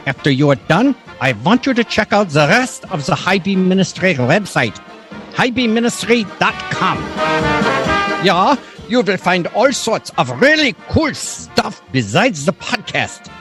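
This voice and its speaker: A man's voice: high voice, sing-song, unhurried. A man voicing a playful German-accented announcer reading a podcast promo over music. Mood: jolly. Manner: playful, hammy. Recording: soft music behind.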